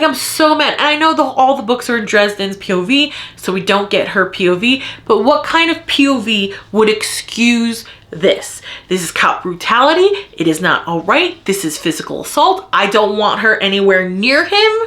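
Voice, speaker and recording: Heated woman ranting, bright tense voice. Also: medium pitch. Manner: heated ranting, frequent swearing; repeats lines for emphasis. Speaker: book reviewer. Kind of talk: casual vlog book review.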